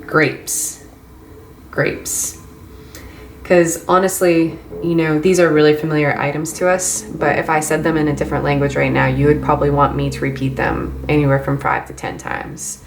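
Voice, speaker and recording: A woman training volunteer English mentors in a relaxed, chatty way, with frequent ums and light laughs. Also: deep voice, fairly quick, vocal fry, few pauses, slight background noise. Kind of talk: casual instructional talk. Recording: echoey room, faint ambience.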